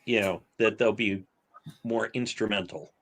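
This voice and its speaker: A man co-hosting a podcast, joking and chatting casually, halting with fillers. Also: lowish voice, fairly even intonation, fairly bright tone. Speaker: podcast co-host. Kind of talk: casual chat.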